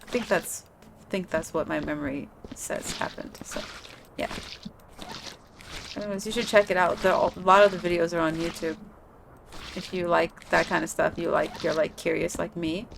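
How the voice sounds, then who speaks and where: Female streamer, lower register, loose rambling chat over gameplay, light background noise. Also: steady tone, normal speed, gravelly, long pauses. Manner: rambling, chatty, lots of "like" fillers. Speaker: gaming streamer.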